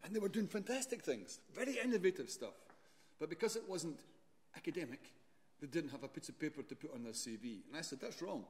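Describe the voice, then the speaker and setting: A man's voice: fairly high pitch, animated, fast, darkish tone, long reverb tail. A man, a university lecturer giving a chatty, rambling talk and often correcting himself. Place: lecture hall.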